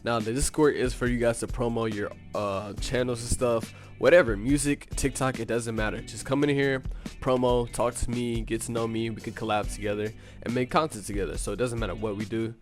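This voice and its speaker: Laid-back young man telling a story. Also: mid-range voice. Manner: laid-back slangy talk with lots of "you know". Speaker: storytime YouTuber. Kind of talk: casual storytime narration.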